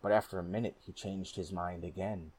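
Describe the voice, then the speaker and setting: A man narrating a folk tale in a steady, measured storybook reading. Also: deep voice.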